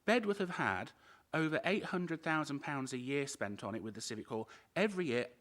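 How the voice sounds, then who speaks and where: A man's voice: fairly high pitch, expressive, fairly quick, a bit bright. A man giving a firm, emphatic speech as a council cabinet member at a formal meeting.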